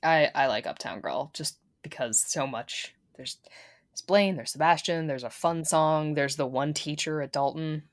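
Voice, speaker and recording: Woman podcast host, low pitch, casual, dry, steers conversation. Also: measured pace. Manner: steers the talk, dry asides. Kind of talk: casual chat.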